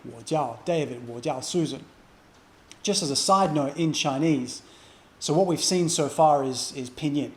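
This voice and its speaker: Man teaching a beginner language lesson. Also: mid-range voice. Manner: slow, careful repetition of example phrases.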